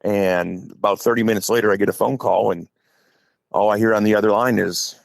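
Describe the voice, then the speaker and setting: Gravelly low-voiced Midwestern-raised man. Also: steady tone, fairly quick, no echo. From Wisconsin. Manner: talkative, acts out quotes in stories. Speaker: high school head football coach, podcast guest. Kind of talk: casual storytelling.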